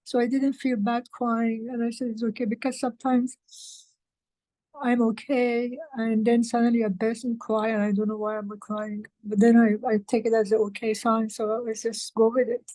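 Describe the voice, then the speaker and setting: A woman speaking in a casual group meeting, halting and emotional, with many fillers and restarts. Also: on the high side, flat delivery, warm tone, no echo, low-quality recording. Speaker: meeting participant.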